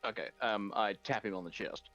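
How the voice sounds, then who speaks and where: Lo-fi Australian player, earnest. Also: male voice, on the low side, brisk, pushed and bright, faint music behind. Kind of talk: tabletop game play.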